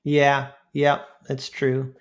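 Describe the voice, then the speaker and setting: A man's voice: mid-range voice, monotone, extremely slow. A man hosting a casual podcast chat, asking questions and laughing easily. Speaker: podcast host.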